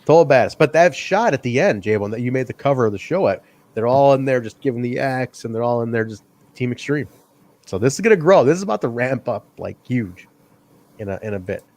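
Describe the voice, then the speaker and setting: Excitable podcast guy, laughs a lot, voice jumps all over. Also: mid-range voice, a little fast. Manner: excitable, laughs often, acts out quotes. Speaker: podcast host. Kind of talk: casual wrestling review chat.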